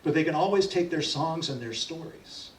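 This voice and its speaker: At a library event, a middle-aged folk singer and storyteller tells stories and leads the audience in call-and-response singing, chatty and folksy. His voice is a little high at normal speed, captured with roomy sound from a distant mic.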